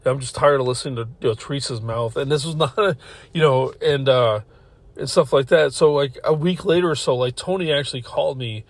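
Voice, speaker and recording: A man's voice: mid-range voice, a little fast, no room sound. A man hosting a podcast, telling a long personal story in a rambling, profane way, often restarting sentences. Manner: rambling, profane, self-interrupting, laughs while telling. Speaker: podcast host. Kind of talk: casual storytelling.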